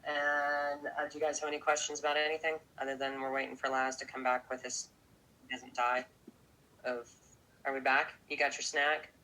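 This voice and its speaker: Teacher running an online class, informal, prodding, bright voice. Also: mid-range voice, level tone, normal speed, poor audio.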